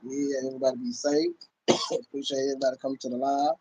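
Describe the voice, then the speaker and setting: Speaking a little fast, a man hosts a casual home livestream, talking loosely and calling out to viewers again and again. His medium-pitched voice is bright and forceful, slightly rough. The recording quality is rough.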